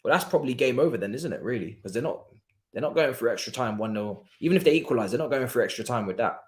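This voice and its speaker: A man's voice: medium pitch, lively intonation, fast, a little mellow. A man hosting a live stream, chatting casually and reacting to football with slang. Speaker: streamer host. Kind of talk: casual live match commentary. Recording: echoey room.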